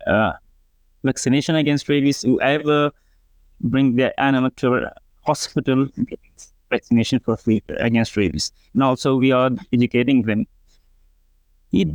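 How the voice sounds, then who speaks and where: A man working as a veterinarian, answering in in a slow, earnest way with many pauses. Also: mid-range voice, clean tone, dry recording. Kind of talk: interview answer.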